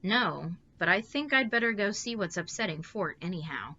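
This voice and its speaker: A calm, practical mother speaks briskly and lightly, as a woman reads her aloud. Her voice is bright and even-toned. The audio is slightly muffled with a faint hiss. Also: medium pitch.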